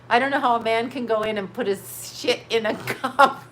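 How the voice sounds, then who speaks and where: A woman's voice: on the high side, moderate pace, fairly bright tone, a little hiss or hum. A woman hosting a casual commentary show, rambling frankly with lots of swearing and frequent bursts of laughter. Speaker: host.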